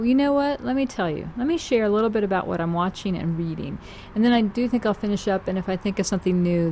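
Chatty middle-aged woman, low voice. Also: darkish tone, slight background noise. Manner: chatty, rambling, self-correcting. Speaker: vlogger. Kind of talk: casual chat to viewers.

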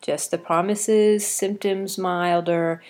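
A woman's voice: on the low side, fairly even intonation, takes it slowly, darkish tone. A woman recording a casual audio diary at home while stuffed up with a cold, chatting in a rambling way with frequent restarts. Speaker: quilting podcaster. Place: home, sitting on a couch.

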